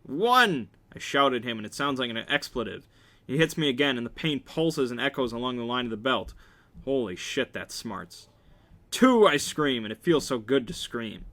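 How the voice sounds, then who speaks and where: A man reads a novel aloud with a bright, forward tone and a middling pitch. He keeps it wry and casual, dropping joking asides between passages. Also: normal speed. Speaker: reader.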